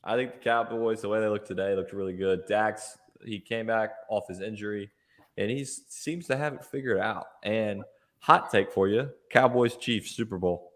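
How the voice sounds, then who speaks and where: A man's voice: fairly low pitch, moderate pace. A man hosting a sports podcast, teasing and joking in casual chat.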